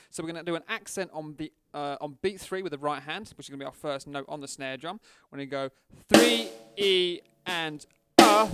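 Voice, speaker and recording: A man's voice: a little high, fairly bright tone, clear, resonant tone. A man giving a casual drum lesson, chatting and counting beats aloud. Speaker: drum teacher. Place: drum studio.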